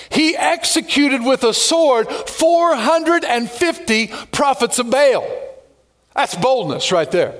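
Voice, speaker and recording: A male pastor delivering an animated sermon in a high voice. He reads scripture, tells stories and drops playful jokes along the way. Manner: lively, animated preaching with joking asides.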